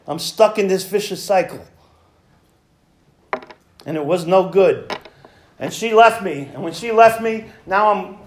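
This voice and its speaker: A man sharing his personal recovery story at a meeting, talking conversationally, acting out old conversations and chuckling at himself. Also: sits high. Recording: echoey room.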